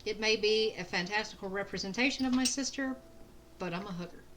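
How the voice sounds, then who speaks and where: A woman's voice: medium pitch, brisk, fairly bright tone, low-quality recording. A woman streaming a video game, chatting casually and muttering along as she narrates her own moves. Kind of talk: casual let's-play commentary.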